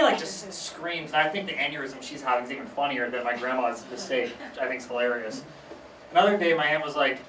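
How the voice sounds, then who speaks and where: A young man doing a stand-up comedy set on a small theater stage, talking casually with deadpan asides and acting out his family's voices. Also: fairly high pitch, normal speed, pauses often, background noise. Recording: echoey room recorded from far off.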